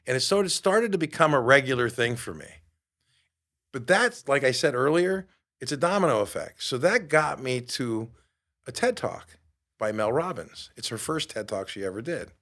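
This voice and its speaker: Animated New man telling a story. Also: mid-range voice, normal speed. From New York. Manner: animated, acts out quoted dialogue. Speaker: podcast host. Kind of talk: storytelling monologue.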